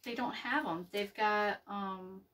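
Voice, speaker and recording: A woman chats slowly through a home craft session, rambling and restarting with plenty of ums. Her voice is bright and a bit sharp. She sits somewhat back from the microphone. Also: medium pitch, recorded from a distance. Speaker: craft video host. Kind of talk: casual live craft chat. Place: home craft table, indoors.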